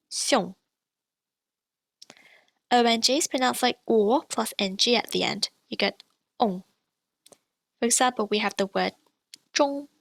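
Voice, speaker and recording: A fairly high-pitched woman with a gravelly, creaky edge, explaining pronunciation as a language teacher. She says each example sound clearly and repeats it. The recording is dry and close, with no room echo. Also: a bit bright. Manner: clear, demonstrates sounds slowly and repeats them.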